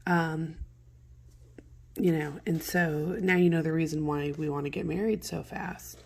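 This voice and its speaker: A woman teacher reading a play aloud and explaining it to students in casual, modern paraphrase, with throat clearing from morning allergies. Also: low voice, steady tone, takes it slowly, pauses often, darkish tone. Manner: conversational, paraphrases lines in plain modern words.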